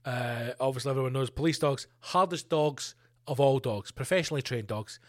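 A man hosting a podcast, ranting comedically with plenty of swearing and animated asides. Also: mid-range voice, brisk. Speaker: podcast host. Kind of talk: comedic rant.

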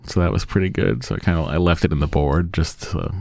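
A man co-hosting a casual podcast, joking and teasing in relaxed banter. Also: low voice, fast, creaky, no room sound. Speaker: podcast co-host. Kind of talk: casual chat.

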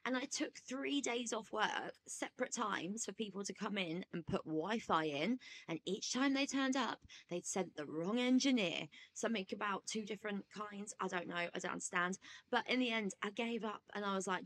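A woman's voice: medium pitch, expressive, a bit bright. A woman in her thirties co-hosting a podcast, bantering jokily in casual chat. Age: 30s. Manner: joking, quick banter, laughs a lot. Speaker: podcast co-host.

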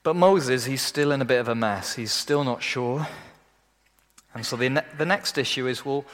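A man preaching a sermon, animated, often acting out the people he quotes in a lifted voice. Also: a little fast. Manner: animated, acts out quoted voices in a raised pitch. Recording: long hall reverb.

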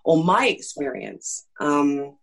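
Woman, middle-aged, from East London, slight lisp, husky, frank animated interview guest. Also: low-pitched, slow, low-quality recording. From East London, England. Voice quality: slight lisp that sometimes creeps in. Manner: frank, animated storytelling with many fillers. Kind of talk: candid conversational interview.

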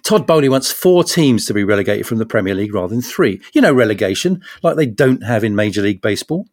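A man's voice: on the low side, big pitch swings, fast, dry recording, clean studio sound. A man hosting a podcast, delivering a wry, punning satirical comedy monologue with sarcastic asides. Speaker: podcast host.

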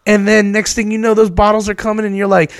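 A man hosts a loose chat, firing off wisecracks and joking asides. His voice runs high. The sound is close and dry. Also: level tone, fast talker, no room sound. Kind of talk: casual chat.

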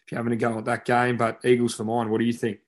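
Australian man, podcast co-host, mid-pitched voice, matter-of-fact, reels off stats. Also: monotone, rapid-fire. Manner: matter-of-fact, stat-heavy. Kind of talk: casual sports chat.

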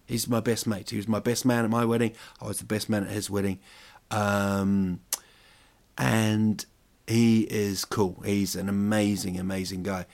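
A man's voice: on the low side, level tone, measured pace, darkish tone. A man hosting a podcast, telling jokey stories in a rambling, casual monologue full of restarts. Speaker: podcast host.

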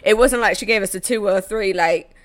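A young woman co-hosting a casual podcast, talking loud and playful with a dramatic streak. She swears freely and hams it up for her co-host. Her pitch sits in a middle range for a woman. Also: fast. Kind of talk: casual chat.

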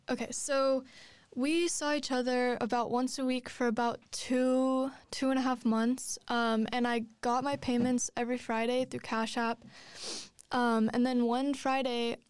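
A woman's voice: a little high, little pitch movement, unhurried, clean tone, no echo. Chatty young woman telling a story. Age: 20s. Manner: rambling, many likes and restarts. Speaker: guest telling a personal story. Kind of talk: casual storytelling chat.

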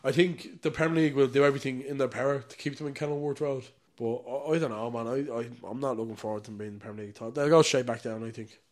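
A man's voice: mid-range voice, steady tone, very fast, few pauses. A young Irish man co-hosting a casual chat podcast, telling stories with frequent laughs and casual swearing. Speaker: podcast co-host.

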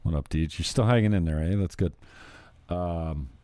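A man's voice: low voice, normal speed, mellow, no room sound. A male show host ranting casually, blunt, profane and mocking. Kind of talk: casual crude comedy rant.

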